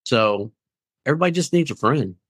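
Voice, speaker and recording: A man's voice: mid-range voice, animated, fairly quick, fairly bright tone, husky, no echo, studio quality. A middle-aged man speaking candidly as an interview guest, earnest and rambling, often acting out friends' voices. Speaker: guest in recovery.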